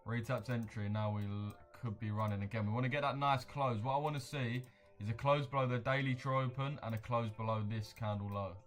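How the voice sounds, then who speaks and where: A man's voice: medium pitch, fairly quick, few pauses, faint music behind. A man giving casual, slangy commentary while trading live, talking straight to his viewers. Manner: slangy, chatty, addresses viewers directly. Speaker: livestream trader.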